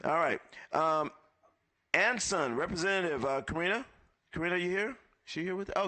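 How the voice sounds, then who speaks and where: A man's voice: fairly high pitch, a little fast, sharp tone, a faint crowd. A man emceeing a live event, thanking sponsors and calling guests up one by one in an upbeat way.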